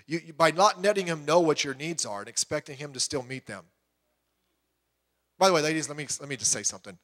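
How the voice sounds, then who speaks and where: A middle-aged man preaching a sermon as pastor, animated and acting out quoted voices with sudden jumps in pitch.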